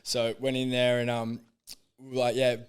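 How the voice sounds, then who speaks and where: A man's voice: mid-range voice, completely flat delivery, moderate pace, smooth. A young Australian man, a former footballer, telling stories in casual chat, laid-back, swearing freely and laughing through his anecdotes. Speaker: podcast guest, former footballer.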